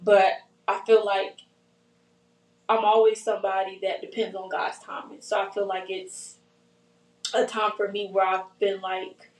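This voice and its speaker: A woman in her twenties, a guest in casual chat, soft-spoken and heartfelt as she reflects. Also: medium pitch, flat delivery, measured pace. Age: 20s. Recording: roomy sound from a distant mic.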